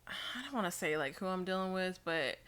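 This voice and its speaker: Lively bright-voiced woman podcaster. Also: fairly low pitch, brisk, smooth. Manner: frank, laughs often, acts out inner voices. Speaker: podcast co-host. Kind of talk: casual chat.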